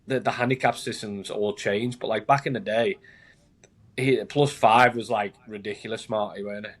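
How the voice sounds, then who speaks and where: A man's voice: on the low side, steady tone, moderate pace. Chatty man telling rambling stories. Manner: laughing, rambling anecdotes full of "like". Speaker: caddie guest. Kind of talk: casual storytelling chat.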